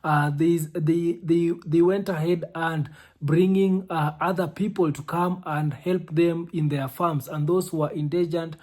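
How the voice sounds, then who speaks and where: A man hosting a reaction commentary, explaining at length, often repeating phrases and pausing on "uh". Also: a little high, fairly even intonation, a little mellow. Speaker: commentary host.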